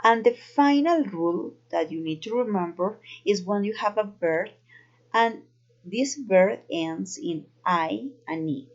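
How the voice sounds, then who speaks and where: A woman with a Colombian Spanish accent, a native Spanish speaker, teaching an English grammar lesson slowly and carefully. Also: medium pitch, expressive. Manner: slow, careful explaining. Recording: dull lo-fi recording.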